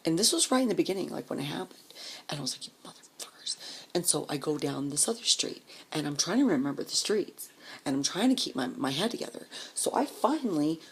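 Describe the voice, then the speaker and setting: A woman with a deep, gravelly, slightly husky voice tells a personal story straight to the camera. She talks casually and swears a lot. She acts out the people she met, and sometimes she drops to a whisper. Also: big pitch swings, quick pace. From Denver area, US. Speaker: vlogger.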